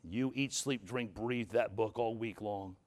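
A man's voice: on the low side, a little slow. Older man, preacher, folksy sermon, joking asides, emphatic.

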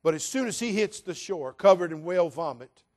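An older man from California, preaching from the pulpit, spins his sermon into a dramatic, folksy tale and softly imitates the voices he quotes. His high voice is expressive and a little fast.

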